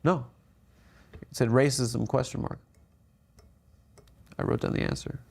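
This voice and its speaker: A man's voice: medium pitch, a little slow, vocal fry. A man in comedic podcast banter, telling an absurd made-up life story with a straight face. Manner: deadpan, spinning absurd bits.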